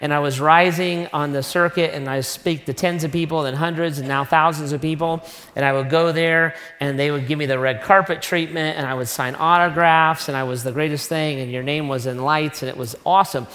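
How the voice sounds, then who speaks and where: A middle-aged man preaching a sermon, telling a personal story in an animated, self-mocking way. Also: a little high, a little fast. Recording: long reverb of a large hall.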